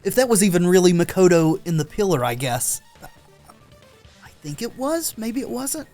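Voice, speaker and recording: A man giving casual let's-play commentary, excited and talking back to the characters on screen. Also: high-pitched, moderate pace, faint music behind. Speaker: gameplay commentator.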